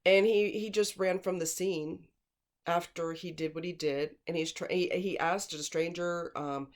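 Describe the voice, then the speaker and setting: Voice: mid-range voice, fairly even intonation, a little slow. Blunt, emphatic true-crime commentator. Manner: emphatic, repeats words for stress; rambling, with digressions and fillers. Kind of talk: casual spoken commentary.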